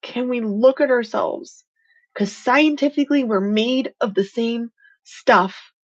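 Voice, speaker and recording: Earnest, higher-voiced woman hosting a live stream. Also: takes it slowly, highs cut off. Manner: earnest, heartfelt and emotional, says "freaking" for emphasis. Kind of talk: motivational live-stream talk.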